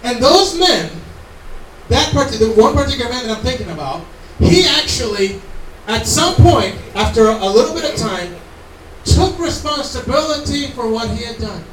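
A man's voice: very high voice, expressive, moderate pace, a bit bright, slight background noise. A man preaching a sermon in an earnest, conversational way with asides to the congregation. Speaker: pastor. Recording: echoey room, mic from far off.

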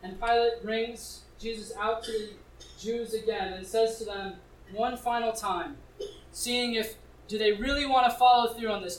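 High-voiced male preacher in an echoey room. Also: steady tone, a little slow, slight background noise. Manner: conversational, asks listeners direct questions. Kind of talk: sermon reading and explaining scripture. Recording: echoey room, distant mic.

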